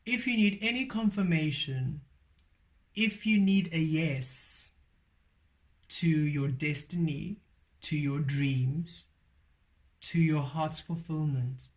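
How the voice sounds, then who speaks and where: Tarot reader, male, fairly high voice, unhurried emphatic delivery, repeats affirmations. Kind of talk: spiritual card reading.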